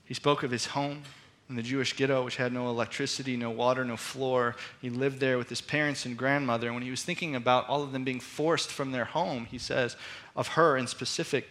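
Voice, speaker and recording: A man preaching a sermon as pastor, telling a story earnestly and reflectively and slowing down for emphasis. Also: medium pitch, steady tone, a bit bright.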